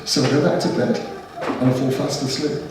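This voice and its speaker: In a large church hall full of echo, a middle-aged man tells the gathering his personal testimony with earnest feeling. His mid-range voice stays fairly level in pitch and runs a little fast over music, picked up from afar with plenty of noise.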